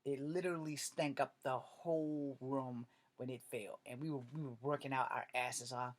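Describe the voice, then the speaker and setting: A man telling comic stories straight to camera in an animated, joking way, with a lot of cursing. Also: mid-range voice, normal speed. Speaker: vlogger. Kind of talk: comedic storytelling rant.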